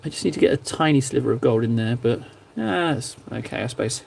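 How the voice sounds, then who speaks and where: A man's voice: mid-range voice, lively intonation, quick pace, gravelly, a little mellow, slight background noise. A young man hosting a livestream, chatting casually and teasing his viewers in a playful, joking way while he paints miniatures. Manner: playful, teasing banter with chat. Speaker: livestream host.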